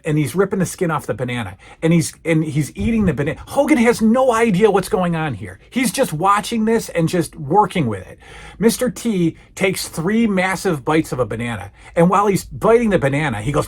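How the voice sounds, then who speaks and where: An enthusiastic male podcast host gives a casual review, often stumbling over and restarting his words. His voice sits a bit high for a man and has a husky grain. He sounds eager throughout. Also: expressive, moderate pace.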